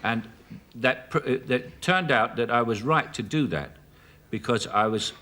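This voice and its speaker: A man in his fifties with a Cockney London accent, a chat show guest telling anecdotes with halting restarts and frequent chuckles. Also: mid-range voice, bright, forceful tone, a little hiss or hum. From South London, England. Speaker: actor guest. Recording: 1980s television studio broadcast.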